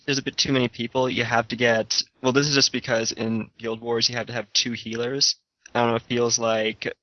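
A man's voice: medium pitch, fairly bright tone, no room sound. A young man talks through his views on a podcast, hesitating and circling back as he goes. His voice sits in the middle range and sounds dull and lo-fi, with a dry, close feel. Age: young adult. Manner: hesitant, rambling. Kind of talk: casual chat. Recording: dull lo-fi audio.

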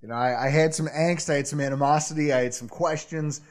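A man's voice: fairly high pitch, fairly even intonation, quick pace. A man hosting a sports podcast, swearing freely and laughing often between his lines. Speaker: podcast host. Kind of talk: loose, profane sports podcast chat.

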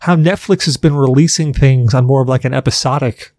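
A man's voice: mid-range voice, fairly quick, a little mellow, no room sound. A man co-hosting a podcast, telling a story animatedly in casual chat, swearing and acting out his own yelps. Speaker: podcast co-host.

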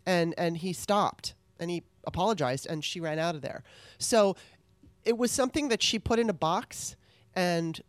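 A woman in a casual chat, talking in an animated, agreeable, conversational way. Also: fairly low pitch, moderate pace, no echo.

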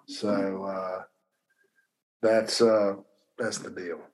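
A man's voice: deep voice, flat delivery, darkish tone. A man hosting a call-in sports talk show, talking loosely with repeated words and fillers. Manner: rambling, conversational, repeats words, pauses with fillers. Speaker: sports radio host.

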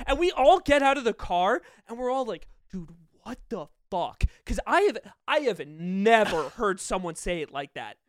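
A man co-hosting a podcast, telling stories in casual chat, animated and laughing often. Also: high-pitched, moderate pace, few pauses, dry recording, studio quality. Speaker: podcast co-host.

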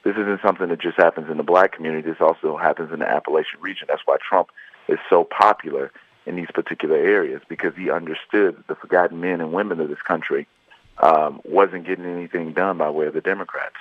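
A man's voice: deep voice, fairly even intonation, fast, dry recording. A man from Chicago, a guest author, telling his life story earnestly in an interview. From Chicago, USA. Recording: tinny phone line.

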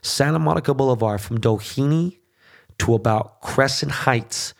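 Male podcast host, mid-pitched voice, swearing nonstop in a fired-up rant. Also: normal speed, vocal fry. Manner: heated, swearing constantly, repeats "okay?". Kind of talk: profane political rant.

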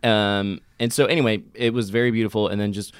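A man with a deep, smooth, clear voice talks earnestly on a podcast, rambling through his thoughts with plenty of ums and restarts. The sound is close and dry, from a studio mic. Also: fairly even intonation, fast, dry recording. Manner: earnest, reflective, loose rambling with fillers. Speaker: podcast co-host. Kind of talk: casual podcast chat.

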